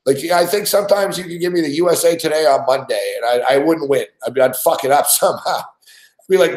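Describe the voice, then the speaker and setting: A man co-hosting a sports betting talk show tells a story in loose casual chat. He swears freely and laughs between his lines. His voice sits a little high, and the room around him is echoey. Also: brisk.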